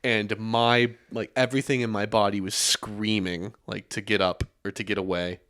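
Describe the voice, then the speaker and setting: A young man hosting a casual podcast, telling stories in a relaxed way with lots of fillers and restarts. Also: fairly low pitch, normal speed.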